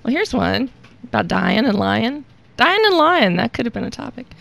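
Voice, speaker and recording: A woman co-hosting a casual morning show, playful and quick to laugh while reading quotes and jokes. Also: a little high, creaky, slight background noise. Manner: giggly, laughs often, playful. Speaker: radio show co-host.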